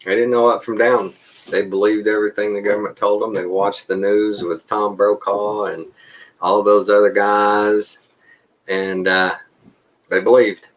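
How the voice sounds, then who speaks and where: Deep-voiced rambling Texan man. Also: level tone, measured pace, dull audio. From Texas. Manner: rambling, folksy, chuckles often. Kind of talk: casual monologue to viewers.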